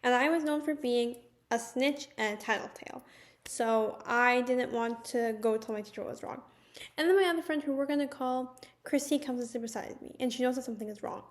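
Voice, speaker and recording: A young woman telling a personal story in a casual, animated storytime manner, with lots of "like"s. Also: fairly high pitch, brisk. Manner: chatty, animated storytelling with many "like"s. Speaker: vlogger.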